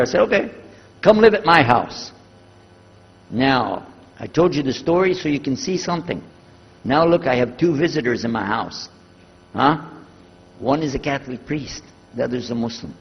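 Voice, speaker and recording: A man's voice: a little high, normal speed, vocal fry, pauses often, breathy edge. Older Texan man telling a story in a hall. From United States. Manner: animated storyteller acting out dialogue. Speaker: preacher. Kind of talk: storytelling talk. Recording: echoey hall, dull lo-fi sound.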